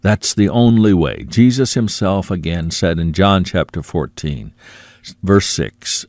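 A man preaching a sermon, earnest, repeating phrases for emphasis and dropping low and quiet on asides to the listener. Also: lively intonation, a little slow, dry recording.

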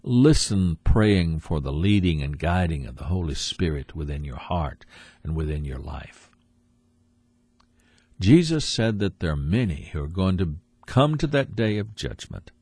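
A man preaching a sermon, earnest and emphatic, repeating his phrases and dropping low for asides. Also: sing-song, measured pace, a little mellow, breathy edge, no echo.

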